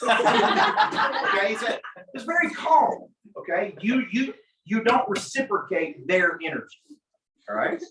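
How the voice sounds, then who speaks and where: A man who is an attorney, coaching a class on mock trial in an animated way, acting out courtroom exchanges. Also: high-pitched, slow, long pauses. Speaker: attorney, guest speaker. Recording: echoey room, mic from far off.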